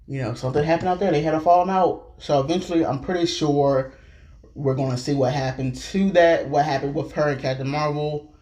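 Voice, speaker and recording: A man giving an excited, rambling and scattered casual recap, talking loosely and jumping around. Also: on the high side, brisk. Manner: loose, filler-heavy talk with restarts. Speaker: show recap vlogger.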